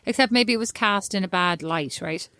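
A woman's voice: mid-range voice, moderate pace, bright, forceful tone, no echo, studio quality. An Irish woman co-hosting a podcast, telling stories with animation and teasing her sister in casual chat. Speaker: podcast co-host.

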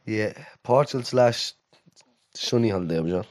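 A man's voice: on the low side, normal speed, darkish tone, no room sound, studio quality. A young Irish man, co-hosting a podcast in blunt, laid-back banter. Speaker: podcast co-host. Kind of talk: casual chat.

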